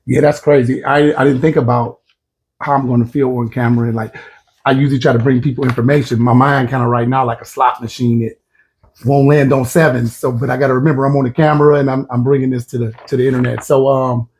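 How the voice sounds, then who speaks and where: A man in his fifties speaks quickly and bluntly, hosting his own vlog without a script. His voice is gravelly and husky, with a loose, slangy delivery. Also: medium pitch. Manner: blunt, plain-spoken, relaxed slang. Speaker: vlog host. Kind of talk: unscripted casual talk to camera.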